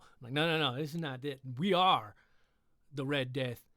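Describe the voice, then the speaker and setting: A man's voice: mid-range voice, normal speed, sharp tone, no room sound, clean studio sound. A man hosting a livestream reading, chatting in a rambling, joking way between passages and swearing casually. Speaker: livestream host reading a story aloud. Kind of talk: casual chat during a live reading.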